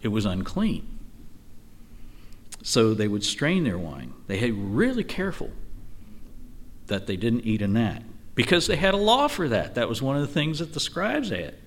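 A man teaching an informal Bible study, reading verses aloud and explaining them in a relaxed, conversational way with frequent asides. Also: mid-range voice, normal speed, long pauses. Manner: conversational, lively, with frequent "you know" asides.

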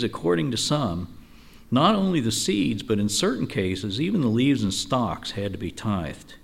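Male Bible teacher, casual study-group delivery, animated pitch, chatty asides between readings. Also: gravelly. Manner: conversational, lively, with frequent "you know" asides.

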